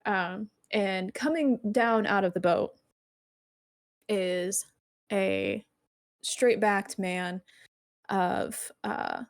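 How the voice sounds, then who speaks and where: A woman's voice: medium pitch, big pitch swings, drawn-out words, pauses often. A woman narrating a tabletop game as game master, descriptive and easygoing.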